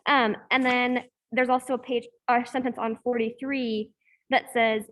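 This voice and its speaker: A woman's voice: on the high side, flat delivery, a little slow, a bit bright. A young woman student leading a class discussion over a video call, hesitant with many fillers, in an echoey room. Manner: hesitant, many ums and likes. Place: room in a campus hall, echoey.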